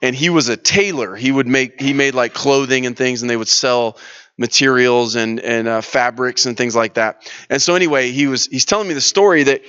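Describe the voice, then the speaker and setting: Smooth-voiced man leading a church workshop. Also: medium pitch, normal speed, a bit bright, lo-fi sound. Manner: casual storytelling, lots of restarts and fillers. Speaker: church leadership workshop leader. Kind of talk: conversational teaching session.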